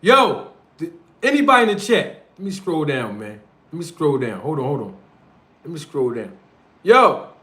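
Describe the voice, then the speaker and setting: A man's voice: on the high side, very animated, normal speed, a bit bright. A man with a North Philadelphia accent, hosting a livestream and ranting confrontationally in street slang. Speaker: streamer and show host. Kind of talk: heated livestream rant.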